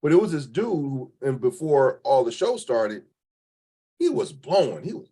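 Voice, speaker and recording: A spoken word poet from Cleveland, Ohio, tells stories as an interview guest in a casual, colloquial way, acting out the voices of the people he quotes. His voice is on the high side and slightly rough, with a dark tone and a sing-song lilt at a moderate pace.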